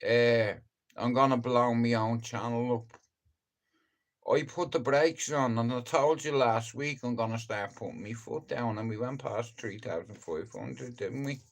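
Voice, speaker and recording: Slow-talking, swearing man streaming live. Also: medium pitch. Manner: profane, rambling storyteller who addresses viewers directly. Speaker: livestream host. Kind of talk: casual live-stream rambling chat.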